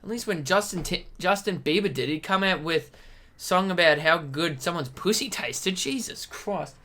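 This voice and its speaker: A woman's voice: on the low side, moderate pace, sharp tone. A woman streamer ranting aggressively with lots of swearing and exasperated outbursts. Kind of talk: profane ranting commentary.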